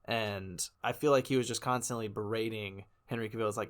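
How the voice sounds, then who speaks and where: A man's voice: fairly low pitch, fairly even intonation, a little fast. A man co-hosting a podcast in casual chat, rambling and laughing often between jokes. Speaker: podcast co-host.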